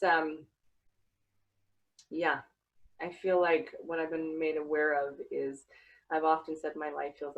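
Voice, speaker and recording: A woman's voice: sits low, husky, rough recording. A woman hosting a podcast interview, talking earnestly and reflectively with many fillers. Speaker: podcast host. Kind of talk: casual interview chat.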